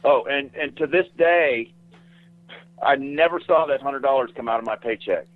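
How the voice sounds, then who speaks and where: A man's voice: medium pitch, normal speed, no room sound, phone-quality sound. A man, a guest, telling long rambling stories in a casual interview, often repeating himself.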